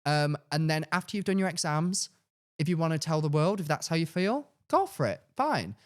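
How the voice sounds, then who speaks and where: Animated young man telling a story. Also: normal speed. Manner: animated, acts out his past self with sudden high-pitched outbursts. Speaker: podcast co-host. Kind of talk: casual storytelling chat.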